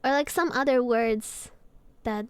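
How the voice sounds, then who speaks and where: A woman's voice: a little high, unhurried, clean tone, dry recording. A woman streamer chatting casually as she reacts to a video, laughing often and swearing freely.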